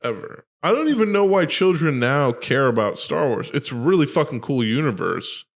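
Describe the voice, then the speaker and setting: A man's voice: on the high side, very animated, normal speed, gravelly. A young man co-hosting a podcast in casual chat, rambling with lots of "like" and crude jokes. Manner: rambling, crude joking, many "like" fillers. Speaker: podcast co-host.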